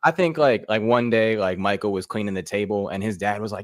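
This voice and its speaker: A man's voice: on the low side, brisk, few pauses, no echo, studio quality. A young man doing a loose stand-up routine with lots of fillers, rambling from one joke to the next. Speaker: comedian contestant.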